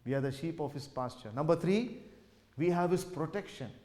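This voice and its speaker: A man delivers a sermon in a gospel hall, his voice sitting fairly high for a man. He preaches with emphatic, repeated phrases that swell and then drop away. Long reverb trails behind each line. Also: normal speed, mellow. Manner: emphatic, repetitive preaching with rising and falling emphasis.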